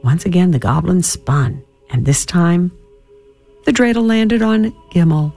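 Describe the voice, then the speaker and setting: Guy reading a kids story out loud, gravelly voice, lots of pitch movement, faint music behind. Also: normal speed. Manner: expressive, dramatic storytelling. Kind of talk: storybook read-aloud.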